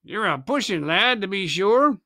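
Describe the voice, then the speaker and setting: A man voicing an insolent old pirate captain in a storybook reading, unhurried and mocking. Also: high voice, sing-song, bright, forceful tone, no room sound, clean studio sound, heavily acted. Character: cool, insolent one-legged pirate captain.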